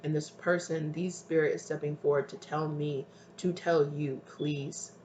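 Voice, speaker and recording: Tarot reader, soft and hesitant, mid-pitched, echoey room with light background noise. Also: little pitch movement, normal speed. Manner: soft, tender, hesitant, calls listeners "my love". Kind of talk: intuitive tarot reading to viewers. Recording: roomy with faint ambient noise.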